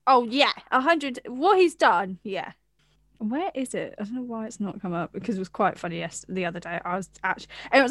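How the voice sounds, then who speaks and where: A woman co-hosting a casual chat podcast from England, an animated storyteller who swears and laughs a lot. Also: medium pitch, no echo, studio quality. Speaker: podcast co-host.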